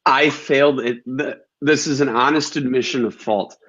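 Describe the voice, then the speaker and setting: A man's voice: mid-range voice, fairly even intonation, normal speed, a bit bright, breathy edge. A man hosting an interview, who talks in a candid and reflective conversational way. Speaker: host. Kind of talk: casual interview chat. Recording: dull lo-fi sound.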